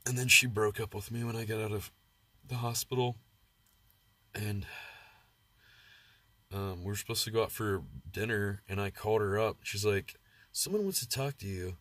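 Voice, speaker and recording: Brief: low, husky American male vlogger, crude rambling livestream chatter. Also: flat delivery, moderate pace, pauses often, pushed and bright, dry recording. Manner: rambling, crude, laughs at his own stories. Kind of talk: casual livestream storytelling.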